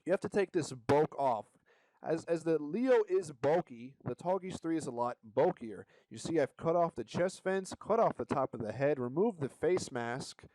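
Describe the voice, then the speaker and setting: A man's voice: a little high, animated, normal speed, warm tone, no room sound. A man casually narrating his model kit build, joking around and swearing now and then. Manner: joking, swears, hollers playful asides. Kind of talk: casual hobby vlog narration.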